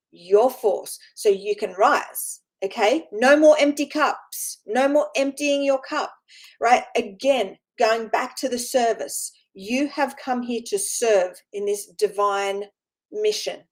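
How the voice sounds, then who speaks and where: High-voiced woman giving a rambling spiritual talk. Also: slow, a little mellow, poor audio. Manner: rambling, repeats words, keeps asking "right?"; earnest and encouraging. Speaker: spiritual teacher.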